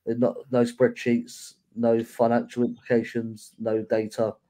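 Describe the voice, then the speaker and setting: A young man co-hosting a football podcast in casual chat, talking in a measured, reflective way. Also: mid-range voice, monotone, dark tone. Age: young adult. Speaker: podcast co-host.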